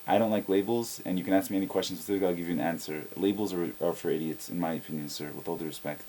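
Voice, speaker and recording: A man's voice: sits low, rapid-fire, warm tone, a little hiss or hum. A man giving a blunt, opinionated video reply to a viewer, often repeating words as he starts a sentence. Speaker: video blogger answering a viewer. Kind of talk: casual spoken video reply.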